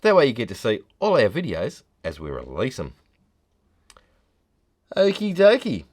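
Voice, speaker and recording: Co-hosting a fluid art channel, this man chats casually while demonstrating, easygoing and teasing, laughing often yet sounding tired. His mid-range voice swings hugely in pitch, moving at a moderate pace with long pauses.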